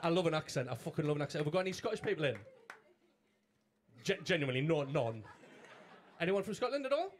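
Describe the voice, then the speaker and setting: A man doing stand-up crowd work on a club stage, loud, sweary and playful with the audience. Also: on the high side, sing-song, quick pace, long pauses, a little hiss or hum. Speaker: stand-up comedian.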